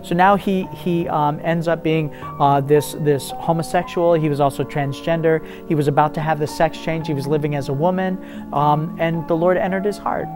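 A man's voice: on the high side, fairly even intonation, moderate pace, over music. A man in a faith interview, telling a story earnestly and acting out the dialogue with rising intensity. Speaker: ministry guest telling a testimony.

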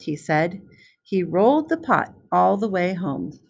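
A preschool specialist reads a picture book aloud to young children, telling the story slowly and clearly. Her voice sits fairly low and is very animated.

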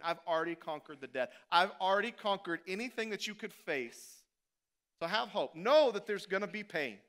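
A man preaching a sermon as pastor, animated and conversational, swinging from loud to hushed. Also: on the high side, clear, resonant tone. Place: church.

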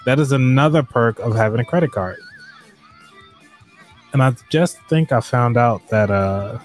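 A man's voice: medium pitch, measured pace. Chatty man hosting a live finance stream. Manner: chatty, many fillers, talks to viewers in chat. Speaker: livestream host. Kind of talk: casual live finance chat. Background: light background music.

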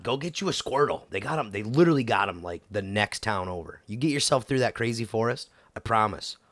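A man's voice: fairly low pitch, expressive, brisk, a bit bright, no echo. A man giving casual let's-play commentary, goofy and chatting to the game characters as he plays. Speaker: gameplay commentator.

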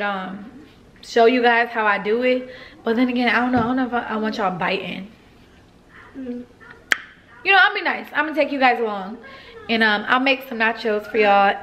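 A woman's voice: on the high side, a little hiss or hum. A woman hosting a casual cooking vlog in her home kitchen, chatting straight to viewers as y'all. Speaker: vlogger host.

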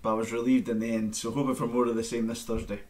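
A man's voice: mid-range voice, little pitch movement, fast talker, darkish tone. Guy teaching pipes on a livestream, easygoing and chatty, counts everyone in, camera mic at home. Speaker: bagpipe teacher. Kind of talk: live-streamed online music lesson.

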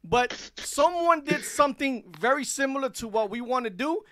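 A man's voice: very high-pitched, normal speed, no room sound. A man hosting an interview show, joking with his guest in casual chat and often repeating his first words. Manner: jokey, excitable, repeats words when starting. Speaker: radio host.

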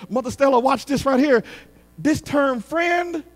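A male pastor preaching a sermon with great passion, swinging from shouts to hushed tones and calling on the congregation to respond. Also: extremely high pitch, measured pace, big-room sound. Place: church sanctuary.

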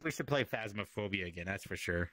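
A man streaming and chatting casually, playful and quick to laugh. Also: on the low side, animated, a bit bright, dry recording. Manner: playful and giggly, chatting to his cat. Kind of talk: casual chat.

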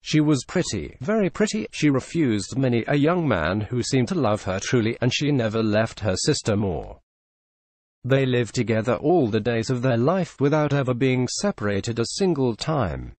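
A man narrating a classic story in a measured, expressive storytelling manner. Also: medium pitch, no room sound. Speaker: audiobook narrator. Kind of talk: scripted narration.

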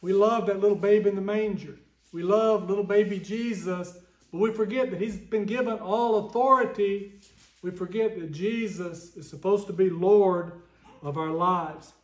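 High-voiced Southern preacher in an echoey church. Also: male voice, normal speed. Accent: Southern American. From American South. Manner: earnest, folksy preaching with scripture reading. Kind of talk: Sunday sermon.

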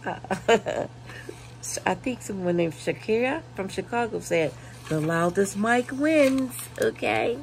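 A woman vlogger casually reading viewer comments aloud, laughing and mocking, punching the quoted lines loudly. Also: medium pitch, expressive, slow pace, gravelly, pauses often, a little hiss or hum. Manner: laughing, mocking, reads comments with loud emphasis.

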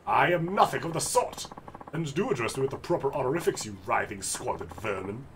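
A man's voice: mid-range voice, lively intonation, fairly quick, noisy background, natural voice. A man voicing a pompous self-styled nobleman of thirty-five, who scorns others in grand, old-fashioned wording. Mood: haughty.

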